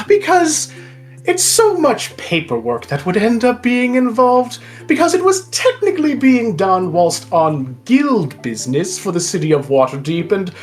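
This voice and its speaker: A woman's voice: medium pitch, very animated, unhurried, faint music behind, voice pushed up. A woman voicing a flamboyant, pompous older man bard who talks in a grandiose, florid, theatrical way. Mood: persuasive.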